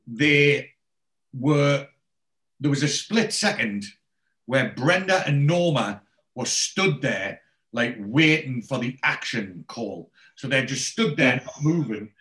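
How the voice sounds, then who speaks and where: A man chatting casually, retelling television scenes and acting out the lines. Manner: animated storyteller, acts out quotes with jumps in pitch. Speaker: podcast host recapping a TV episode.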